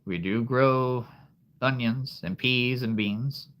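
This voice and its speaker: A man's voice: mid-range voice, takes it slowly, a bit bright. A man hosting a live stream, chatting casually with viewers, laughing often and answering their questions. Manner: laughs often, easygoing, reads and answers chat. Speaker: livestream host.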